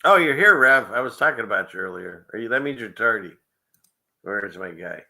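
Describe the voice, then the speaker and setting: Gravelly, bright-voiced male show host. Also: on the low side, expressive, brisk. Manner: rambling, chuckling often, frequent fillers. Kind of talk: casual livestream chat.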